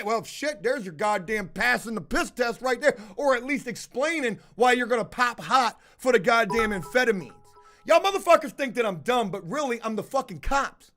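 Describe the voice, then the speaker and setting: A man rants straight to his viewers, swearing nonstop. He speaks loudly and belligerently, calls the audience folks, and pushes every line hard. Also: very high voice, expressive, moderate pace, faint music behind. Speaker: video host. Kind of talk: profane ranting storytime.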